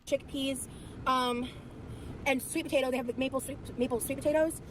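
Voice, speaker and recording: Fast-talking tired woman vlogger. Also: sits high, steady tone, fairly bright tone, rough recording. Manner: chatty, rambling, lots of fillers. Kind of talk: casual vlog chat. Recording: vlog audio with clear background noise.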